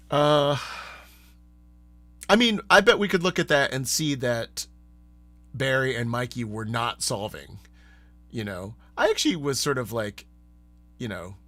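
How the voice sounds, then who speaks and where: Bright, lively male streamer talking casually. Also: mid-range voice, normal speed, long pauses, no room sound. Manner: rambling, animated and laughing often. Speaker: streamer and host. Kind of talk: casual chat on a live stream.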